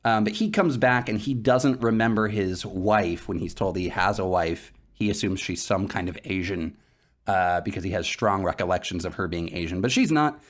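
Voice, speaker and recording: A man co-hosting a podcast, chatting casually and excitedly about a TV episode. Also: sits low, normal speed. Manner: excitable, animated storytelling. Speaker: podcast co-host. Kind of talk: casual chat.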